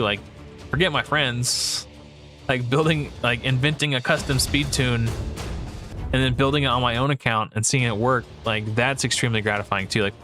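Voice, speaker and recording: A man's voice: medium pitch, fairly bright tone. A man giving casual thinking-aloud commentary as a gaming video creator, rambling and hesitant with frequent restarts and fillers.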